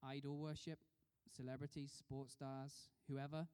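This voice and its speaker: A man's voice: medium pitch, level tone, unhurried, warm tone, smooth. A man preaching a sermon in a conversational way, putting questions to the congregation. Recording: long reverb of a hall.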